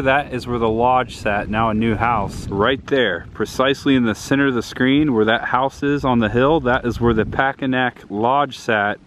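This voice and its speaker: Out of breath but enthusiastic, this vlogger tours filming locations on a woodland walk, pointing things out as he goes on a handheld camera. His mid-range voice has a fairly bright tone, and a little hiss or hum sits under the recording.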